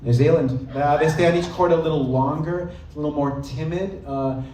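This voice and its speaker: A man's voice: on the high side, steady tone, fairly quick, mellow, far from the mic, slight background noise. Roomy live stand-up comedian, man. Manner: playful, slipping into mock accents. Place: live comedy club stage. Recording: roomy live club sound with music.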